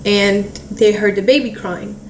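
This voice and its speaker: A woman recounting a painful family event in halting speech, with many fillers, acting out what relatives said. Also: medium pitch, steady tone. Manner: halting, heavy filler "like", re-enacts relatives' words. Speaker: family member recounting a loss. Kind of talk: emotional personal storytelling. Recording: echoey room, distant mic, faint hiss.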